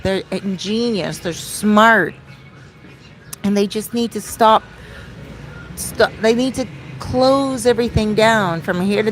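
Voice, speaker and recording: Speaking straight to her audience in a relaxed Q&A vlog, this middle-aged soul coach wanders away from the subject now and then. Her voice runs a little high.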